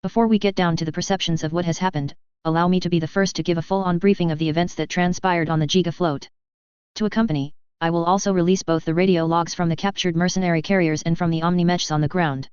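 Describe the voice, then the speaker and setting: A man's voice: a little high, steady tone, fast, clear, resonant tone, no room sound, natural voice. A narrator voicing a confident male admiral giving a formal press briefing, with a dull, lo-fi sound. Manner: formal address. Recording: dull lo-fi dry audio.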